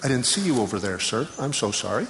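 A man's voice: medium pitch, big pitch swings, quick pace, a bit bright, a little hiss or hum, pitched below the performer's own voice. Jumpy burglar guy done by a preacher, flustered and apologetic, echoey chapel. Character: jumpy male burglar caught in a dark house. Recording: roomy chapel reverb.

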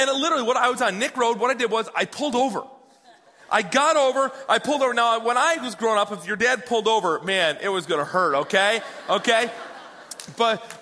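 A man in his thirties preaching a sermon, telling a personal story with hushed and excited swings. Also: very high-pitched. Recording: long hall reverb.

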